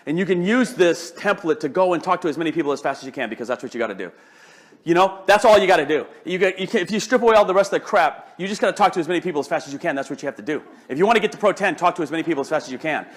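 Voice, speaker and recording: Older male motivational speaker, high-pitched, animated and joking, with frequent restarts. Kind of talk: live motivational talk.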